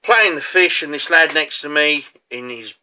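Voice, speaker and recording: A man's voice: on the high side, moderate pace, pushed and bright, clean tone. A man, a competitive angler, recounting a match in a chatty, casual way, full of fillers and asides. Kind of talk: casual storytelling.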